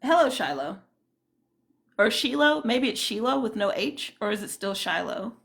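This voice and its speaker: A woman's voice: medium pitch, very animated, normal speed, gravelly, fairly bright tone. A woman hosting a casual livestream, chatting loosely and greeting viewers by name. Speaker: livestream host.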